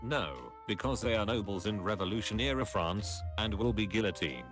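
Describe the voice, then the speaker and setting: A man reading meme captions aloud in a dry, deadpan, clipped way. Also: lowish voice, moderate pace, over music.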